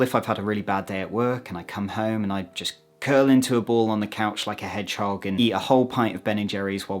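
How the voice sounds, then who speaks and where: A British man talking to camera in a vlog, expressive and playful, with sudden jumps up in pitch for emphasis. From United Kingdom. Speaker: vlogger.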